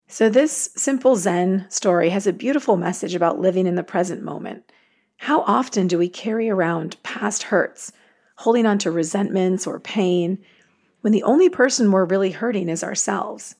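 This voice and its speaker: A woman's voice: medium pitch, normal speed, gravelly, a little mellow, breathy edge. A woman hosting a meditation series, earnest and chatty, who introduces the day's practice and tells a short story. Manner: earnest, chatty, self-aware asides. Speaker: meditation teacher and host. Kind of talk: casual spoken intro to a guided meditation.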